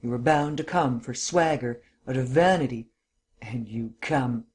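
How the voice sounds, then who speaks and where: A cruel, gloating widow , read by a man in a mid-pitched voice, savours her triumph over a trapped rival. She mocks with deliberate weight on each word. Her voice sits at an ordinary middle pitch. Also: a little mellow, husky. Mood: gloating scorn. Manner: mocking, gloating, stresses every syllable. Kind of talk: audiobook character reading.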